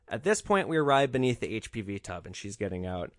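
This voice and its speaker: A man's voice: lowish voice, animated, quick pace, hardly any pauses, a bit bright, no room sound. Sardonic guy telling a rideshare story on a podcast, swears a lot, dry close mic. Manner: profane, sardonic and wry. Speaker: podcast host.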